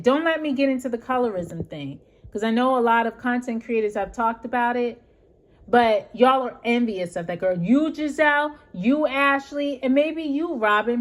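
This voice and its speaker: High-voiced woman ranting a recap. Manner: emphatic, talks straight to viewers. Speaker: reality TV recap vlogger. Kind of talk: opinionated rant recap.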